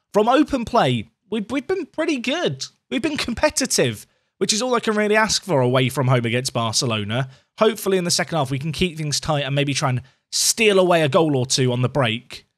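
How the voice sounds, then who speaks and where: Young man, excitable play-by-play game commentator, slightly high voice, dry close mic. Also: dry recording. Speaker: gaming YouTuber.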